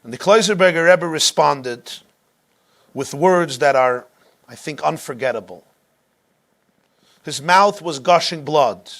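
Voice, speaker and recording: A male rabbi teaching a class, telling a story dramatically and slowing down to stress key moments. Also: a little high, fairly bright tone. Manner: dramatic, slows down for emphasis. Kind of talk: storytelling lecture.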